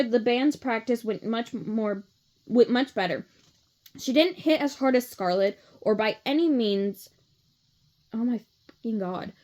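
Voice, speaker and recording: A woman's voice: a little high, darkish tone. A woman casually reading a children's book aloud, swearing now and then and filling with "like". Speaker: reader.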